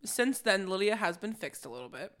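A woman's voice: mid-range voice, very animated, fairly quick, fairly bright tone. A young adult woman co-hosting a podcast, playful and giggly, cracking cheeky jokes. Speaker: podcast co-host. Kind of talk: casual chat.

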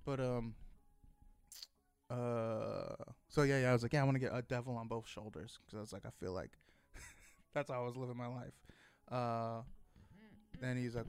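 A man's voice: medium pitch, flat delivery, moderate pace, long pauses, clean tone, no echo. A man talking casually on a podcast, telling a rambling story full of fillers, restarts and swearing. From Texas. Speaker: podcast host.

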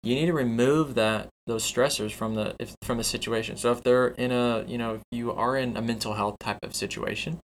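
A man's voice: mid-range voice, fairly even intonation, fairly quick, hardly any pauses, a little hiss or hum, rough recording. A man co-hosting a podcast for nursing students, explaining points in an instructive, teacherly way. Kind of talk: casual advice chat.

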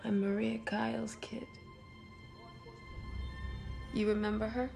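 An actress playing a vengeful young woman, speaking in a hushed, intense way. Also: on the high side, little pitch movement, slow, creaky, faint music behind, heavily acted. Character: vengeful young woman confronting her father.

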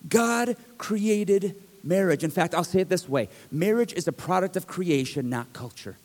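Middle-aged guy pastor, high-ish voice, chatty sermon w/ emphatic bits, big echoey church sound. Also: animated, normal speed, darkish tone. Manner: conversational preaching with jokes, rising to emphatic bursts. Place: church sanctuary.

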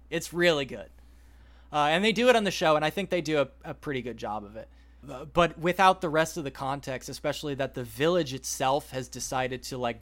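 A man on a podcast, retelling a story at length in a rambling, animated way and quoting the characters as he goes. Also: medium pitch. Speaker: podcast host. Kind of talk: casual podcast chat, retelling a plot.

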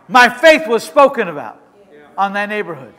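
A man pastor delivering a sermon in a church, preaching with passion that swells into shouts, with halting restarts while he tells a story. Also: high voice, very animated. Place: church sanctuary with a responding congregation. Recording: long reverb of a church hall.

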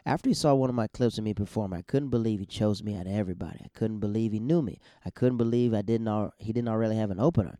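A man's voice: lowish voice, fast talker, hardly any pauses, warm tone, no echo, studio quality. A man, a stand-up comedian, hosting a podcast in a loose, chatty monologue full of restarts.

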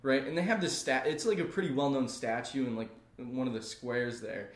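A man's voice: mid-range voice, normal speed. Laid-back male podcaster in an echoey room. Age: young adult. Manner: animated, laughs while retelling, acts out voices in stories. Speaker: podcast co-host. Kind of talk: casual comedic storytelling.

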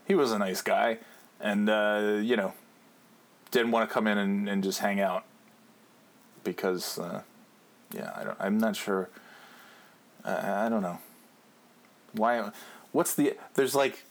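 A man in his thirties hosting his own podcast, telling rambling, profane, jokey stories in a casual monologue. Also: on the low side. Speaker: podcast host.

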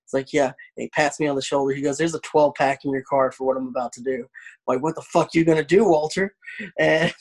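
A young man in casual chat, telling stories in an animated, profane way. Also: a little high, fast talker.

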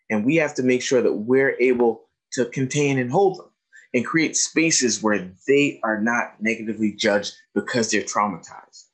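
A man's voice: medium pitch, low-quality recording. A man giving a training talk to educators, telling classroom stories and asking his audience questions. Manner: animated storyteller, asks the audience questions. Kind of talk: lecture to teachers with told stories.

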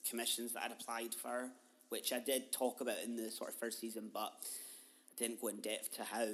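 Candid young podcast host. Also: mid-range voice. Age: 20s. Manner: candid, emotional, swings from quiet to loud, swears freely. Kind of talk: personal storytelling monologue.

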